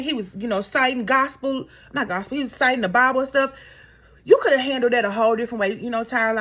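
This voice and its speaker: Woman, casual opinion rant, sassy, exasperated, high voice, very expressive. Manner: sassy, exasperated, talks straight to viewers. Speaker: commentary vlogger.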